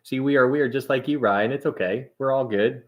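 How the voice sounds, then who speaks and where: A man's voice: medium pitch, moderate pace. A man hosting a casual livestream and reading out viewer comments. He rambles, laughs often and trails off mid-sentence. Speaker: livestream host.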